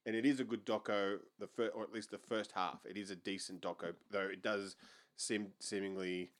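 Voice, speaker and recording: A man's voice: fairly low pitch, fairly even intonation, fairly quick. A man co-hosting a movie podcast, rambling with lots of restarts and laughter. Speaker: podcast co-host. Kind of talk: casual movie podcast chat.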